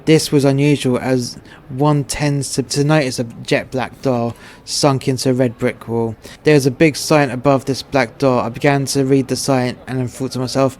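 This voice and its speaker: Brief: English male narrator, crude and blunt, steady monotone delivery. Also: mid-range voice, moderate pace, slight background noise. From England. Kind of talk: scripted narration of a short story.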